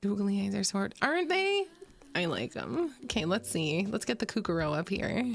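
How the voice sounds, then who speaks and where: A woman's voice: mid-range voice, animated, moderate pace, creaky, faint music behind. A woman streamer chatting playfully with her live chat from a home setup, giggling and joking.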